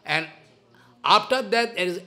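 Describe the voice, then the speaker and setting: A man's voice: high-pitched, a little slow. A man, speaking English, telling devotional stories in a sermon and acting out the characters' voices. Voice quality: non-native English with dropped verbs and articles. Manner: animated, acts out characters' voices. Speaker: spiritual teacher. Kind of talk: storytelling sermon.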